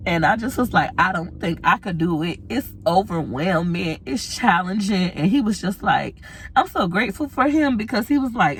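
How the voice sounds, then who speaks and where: A woman in her thirties vlogging, candidly telling a personal story to camera, tearful, with long pauses. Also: fairly low pitch, lively intonation, slightly rough. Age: 30s.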